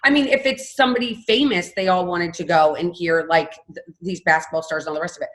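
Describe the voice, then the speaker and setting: A woman's voice: lowish voice, quick pace. A woman in her fifties, a podcast guest, telling her story candidly and with animation. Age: 50s. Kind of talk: casual interview talk.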